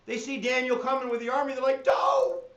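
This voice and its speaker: A man teaching history in an energetic, jokey exam review lecture, slipping into silly voices. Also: very high voice, quick pace. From United States. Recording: echoey room, dull lo-fi sound.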